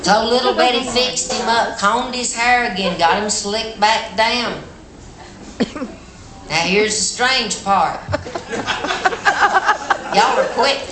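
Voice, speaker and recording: A middle-aged woman with an Appalachian accent telling a tale live on a festival stage, folksy, animated and plainspoken. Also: on the high side, slow pace, pauses often. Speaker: storyteller. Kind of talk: live storytelling performance. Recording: echoey hall with background noise.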